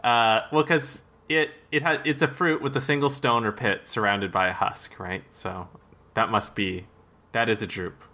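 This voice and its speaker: A man with a bright, forceful voice trades playful banter as a podcast co-host. He laughs easily, steers the talk and corrects small details. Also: medium pitch, steady tone, moderate pace. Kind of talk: casual chat.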